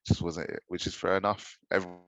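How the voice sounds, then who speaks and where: A man chatting as a podcast guest about football, halting and full of fillers. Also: sits low, level tone. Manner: hesitant, many fillers. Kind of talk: casual chat.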